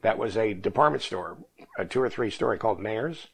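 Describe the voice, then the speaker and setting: A man's voice: fairly low pitch, animated, creaky, slightly rough, low-quality recording. A man in his seventies from Northern California, reminiscing in a rambling oral history interview. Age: 70s. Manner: fast, rambling reminiscing with restarts.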